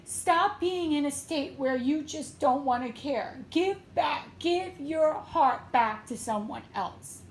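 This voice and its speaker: A woman tarot reader and medium giving an emotional, tearful reading with a slow, pleading delivery. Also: high voice, lively intonation, reverberant, a little hiss or hum.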